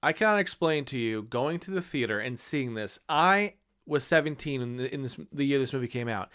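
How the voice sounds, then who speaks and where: A man's voice: mid-range voice, expressive, a little fast, a bit bright, smooth. A man in his thirties giving a casual, enthusiastic movie review, rambling with many fillers. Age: 30s.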